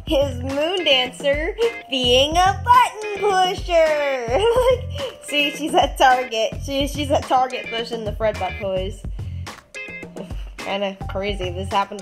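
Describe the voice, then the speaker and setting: A woman chatting casually as host, showing her drawings in a giggly, rambling way with many fillers. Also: on the high side. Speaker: channel host.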